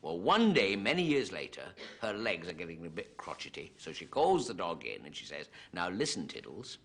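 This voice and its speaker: A man's voice: sits low, wildly swooping pitch, brisk. A man telling a rambling shaggy-dog story on stage, often breaking into laughter himself. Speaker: comedian. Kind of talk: stand-up storytelling to a live audience. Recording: live theatre audience laughter and noise. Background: loud audience laughter.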